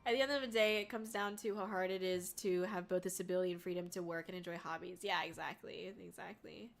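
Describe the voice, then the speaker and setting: With a lowish voice, fairly even intonation, and a fast pace, a female VTuber casually chats with her audience and reads out their messages. She swears freely, laughs, and chokes up, on the verge of tears throughout.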